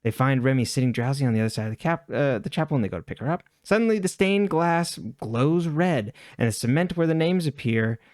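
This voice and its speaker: Guy on a podcast running through the plot of an episode, quick jokey asides, mid pitch, dry close mic. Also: animated, darkish tone, no room sound. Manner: recaps the plot with quick offhand asides and chuckles. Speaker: podcast co-host. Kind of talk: casual recap chat.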